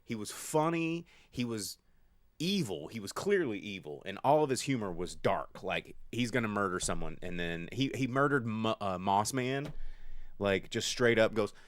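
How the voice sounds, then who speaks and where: A man co-hosting a casual movie-review podcast, rambling and animated, acting out lines in silly voices. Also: on the low side, normal speed, dry recording, studio quality. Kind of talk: casual chat. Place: studio.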